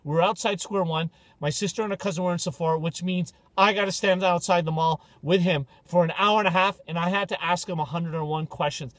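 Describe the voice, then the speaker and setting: A man's voice: high voice, fairly quick, hardly any pauses, dry recording. A man hosting a podcast, telling stories in casual, joking banter. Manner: animated, joking storyteller. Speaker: podcast host.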